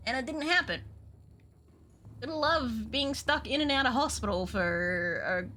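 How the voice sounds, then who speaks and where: A woman's voice: high-pitched, expressive, unhurried, sharp tone, a little hiss or hum. A woman streaming a video game, chatting casually with viewers, swearing freely and laughing often. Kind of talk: casual gameplay stream chat.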